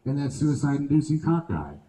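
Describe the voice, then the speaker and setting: A stand-up comedian performs live at an outdoor venue, telling crude, profane, animated stories loaded with swearing. His voice is a little high and brisk, recorded in low quality, far from the mic, reverberant, with slight background noise.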